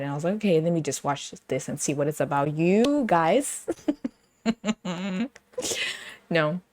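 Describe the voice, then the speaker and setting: Playful British woman, low and dry. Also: dry recording. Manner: animated, playful, laughs often, drops into sing-song bits. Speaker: podcast host. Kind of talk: casual chat.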